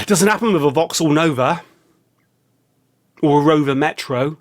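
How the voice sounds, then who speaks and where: Rambling English man, slightly high voice. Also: sing-song, moderate pace, creaky. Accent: English, London. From England. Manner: rambling, self-mocking, big swings of voice. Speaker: vlogger. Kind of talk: rambling comic monologue. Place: small hot studio.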